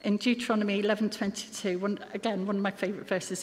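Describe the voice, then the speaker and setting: A woman's voice: medium pitch, level tone, fast talker, hardly any pauses. A woman preaching a sermon in an earnest manner, with occasional self-deprecating asides. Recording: long hall reverb.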